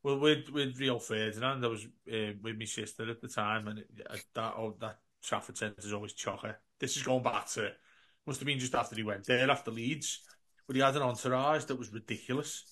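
An animated man co-hosting a football fan podcast, telling stories at a middle pitch. He acts out both sides of each conversation and keeps saying mate. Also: brisk. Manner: animated anecdotes, acts out dialogue, says mate a lot. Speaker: podcast co-host. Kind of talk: casual storytelling.

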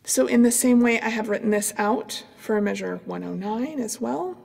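A middle-aged woman, a clarinet professor, calmly explaining practice strategies in an instructional demonstration. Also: on the high side, normal speed, gravelly, breathy edge, long reverb tail. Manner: calm, explanatory, with fillers.

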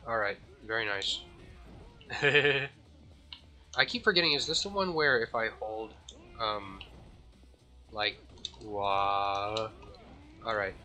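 A man giving casual, jokey let's-play commentary at home, self-mocking, slightly out of breath, with sudden high yelps. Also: slow, pauses often, sharp tone, soft background music. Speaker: gaming channel host.

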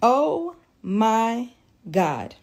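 A woman's voice: on the high side, very animated, drawn-out words, darkish tone. A tearful woman in a profane, repetitive vlog rant, swinging between shock and defiance after days of crying. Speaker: social media creator.

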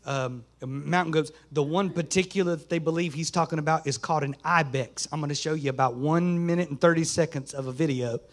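A man's voice: on the high side, a little fast, few pauses. Man preaching a folksy sermon. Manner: folksy Southern preaching, rising to fervent shouts. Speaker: pastor. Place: small church sanctuary.

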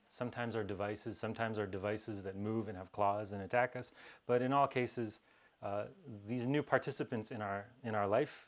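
A man speaking to an audience in a somewhat low voice, walking through slides in a loose, conversational way. His humor is wry and deadpan, and he often pauses on fillers or restarts a sentence. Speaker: conference speaker. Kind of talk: presentation talk with slides.

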